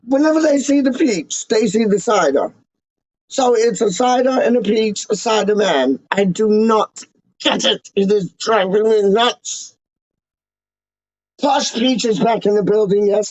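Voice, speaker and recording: A man's voice: high voice, darkish tone, no room sound. A man putting on a pompous Englishman. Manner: slow, pompous, rhyming nonsense. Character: self-styled snobbish posh Englishman, rambling and boastful. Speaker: livestream host. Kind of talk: comic in-character livestream ramble. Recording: dull, lo-fi, dry sound.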